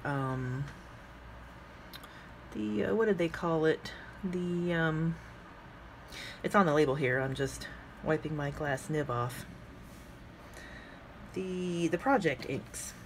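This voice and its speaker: A woman vlogging casually as she swatches inks, chatting and thinking out loud with frequent fillers as she works. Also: sits low, slow pace, long pauses, a little hiss or hum. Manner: talks to herself while working with her hands. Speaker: fountain pen ink vlogger.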